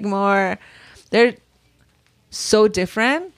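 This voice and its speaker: A woman's voice: medium pitch, takes it slowly, dry recording. A woman, a mother of three, chatting casually and rambling with many restarts, sometimes dropping in Spanish words. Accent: mixes in Spanish words. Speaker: mother of three talking about her daughters. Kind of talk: casual chat.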